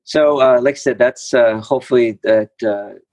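A man telling his story at a recovery group meeting, halting, with many fillers and restarts. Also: medium pitch, darkish tone, dry recording. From Texas. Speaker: speaker sharing at a recovery meeting. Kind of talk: personal recovery share. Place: meeting room.

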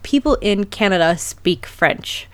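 A woman's voice: medium pitch, expressive, unhurried, a bit bright, no echo. Woman podcast host, laughs a lot, swears, dry close sound. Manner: laughs often, swears casually. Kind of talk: casual chat and storytelling.

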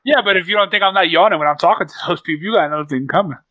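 A man co-hosting a casual podcast, throwing in joking deadpan lines. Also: high voice, very fast, no room sound, lo-fi sound. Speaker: podcast co-host.

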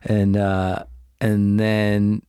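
A man in casual chat, telling a long story with lots of fillers and restarts and loudly acting out the people in it. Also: lowish voice, monotone, extremely slow, smooth, dry recording, studio quality. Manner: acts out quoted people loudly.

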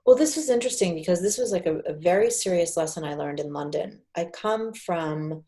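Woman in her 40s, podcast guest, tells stories lively, kinda low voice. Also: fairly quick. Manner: animated storyteller, acts out quoted voices. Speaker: podcast guest, PR agency founder. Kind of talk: casual storytelling interview.

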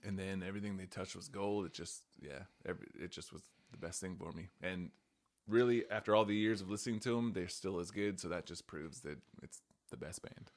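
Deep-voiced dude co-hosting a podcast, laid back, kinda mumbles off at the ends. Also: male voice, fairly quick. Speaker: podcast co-host. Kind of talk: casual chat.

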